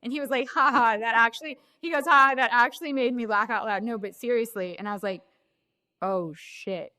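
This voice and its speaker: A woman's voice: on the high side, fairly quick, sharp tone, no room sound. A young woman co-hosting a podcast, chatting casually and telling a story with lots of fillers. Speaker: podcast co-host. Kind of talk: casual chat.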